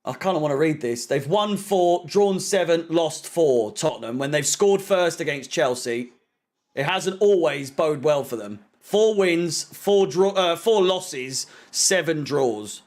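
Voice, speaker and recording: A young man talks over a live football match, venting in a swearing, sarcastic rant. His voice sits high and he takes his time between points. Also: lively intonation, a little slow, a little mellow. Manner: frustrated, swearing, sarcastic ranting. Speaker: fan channel co-host. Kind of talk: live match watch-along commentary.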